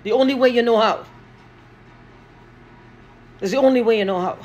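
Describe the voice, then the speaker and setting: A woman's voice: a little high, normal speed, a little mellow, lo-fi sound, soft background music. A woman from Guyana, talking in an angry, profane monologue and repeating herself.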